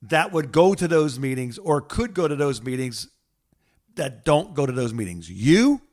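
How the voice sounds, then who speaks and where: A man's voice: medium pitch, normal speed. A man co-hosting a podcast, chatting casually and telling stories with frequent giggles. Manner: animated, giggly storytelling. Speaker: podcast co-host. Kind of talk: casual chat.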